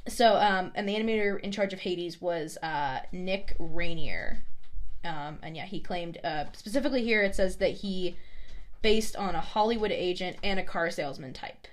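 A woman's voice: lowish voice, normal speed. A young woman co-hosting a casual chat, laughing often and acting out quoted lines. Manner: giggly, chatty, often acts out quoted lines. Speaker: podcast co-host.

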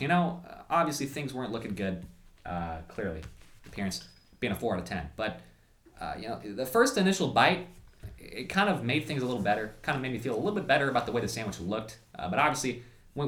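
A young man co-hosts a casual food review, rambling with lots of fillers and restarts and laughing at himself. His medium-pitched voice is fairly bright, and the room is echoey.

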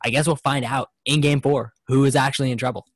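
A young man from New Jersey with a mid-range voice co-hosts a relaxed sports podcast. He jokes around and swears offhandedly. The recording is dry and close. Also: mid-range voice, quick pace, no echo. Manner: laid-back, joking, swears casually. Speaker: podcast co-host. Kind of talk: casual sports chat.

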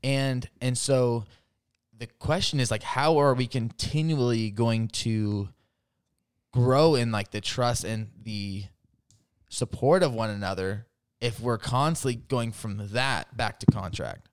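A man's voice: mid-range voice, takes it slowly, clear, resonant tone, no room sound, studio quality. A man talking as a podcast guest in casual chat, rambling with lots of fillers and laughing as he retells stories.

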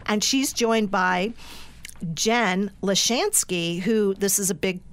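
A woman's voice: medium pitch, takes it slowly, fairly bright tone. A woman co-hosting a community radio talk show. She is upbeat and laughs easily.

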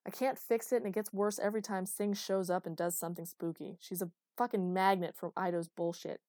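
In a dry audiobook recording, a woman voices the lines of a tense, irritated male government official, sounding agitated and exasperated in a lightly acted way. The voice comes across as a man's, sitting high and darkish, with fairly even intonation, a slightly fast pace and no room sound.

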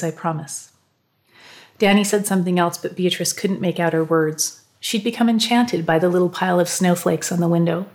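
A woman narrating an audiobook in a calm, measured way. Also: on the low side.

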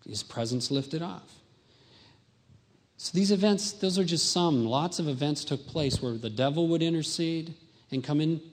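Male speaker, testimony talk, animated storyteller, long hall reverb. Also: a little high. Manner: storytelling, acts out his past self in raised voice.

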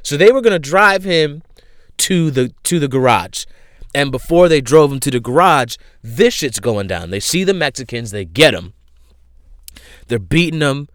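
A man casually retelling a show he recommends, animated and full of fillers. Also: mid-range voice, normal speed, no echo, clean studio sound. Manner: animated storyteller, many fillers.

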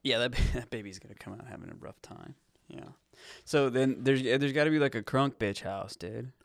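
A man's voice: mid-range voice, a little fast, gravelly, no echo, clean studio sound. A man hosting a podcast in casual comedy chat, rambling and ironic, often laughing. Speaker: podcast host.

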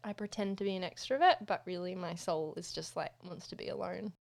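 A woman's voice: on the low side, a little fast, gravelly. An Australian woman co-hosting a casual podcast, playful and easygoing, laughing as she chats. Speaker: podcast co-host.

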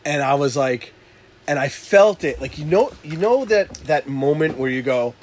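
A man casually telling a rowdy story with lots of swearing, shouting out the lines he quotes. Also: a little high, normal speed. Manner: animated, swearing, loud acted-out quotes. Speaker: podcast co-host telling a story.

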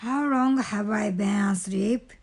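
A woman's voice: mid-range voice, slow, a little mellow, breathy edge. A woman doing a sleepy grumpy toad. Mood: drowsy. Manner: drowsy, grumbling. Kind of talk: storybook read-aloud.

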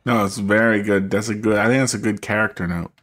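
A man co-hosting a podcast, chatting casually and haltingly about a film. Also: on the low side, fairly even intonation, fairly bright tone. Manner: hesitant, full of fillers and restarts. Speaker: podcast co-host. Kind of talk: casual film commentary chat.

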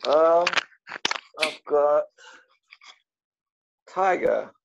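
A South African man with a South African accent joins a podcast as a laid-back guest, chatting casually and laughing often. His voice is on the high side and gravelly, animated yet extremely slow, with a noisy background.

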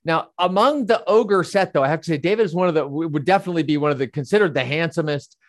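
A man's voice: on the high side, fast. Joking man co-hosting a podcast. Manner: joking, playful banter. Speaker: podcast co-host. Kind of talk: casual chat.

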